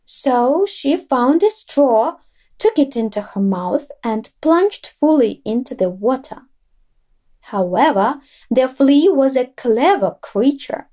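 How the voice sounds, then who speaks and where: Female storyteller, bedtime tale, high and slow, gentle. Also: animated. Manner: gentle and unhurried.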